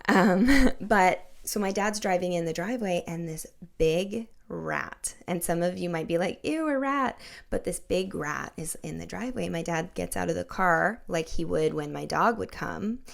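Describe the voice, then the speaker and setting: A woman's voice: lowish voice, gravelly. A young woman hosting a casual interview podcast, telling personal stories in a chatty way full of likes and you-knows. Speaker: podcast host.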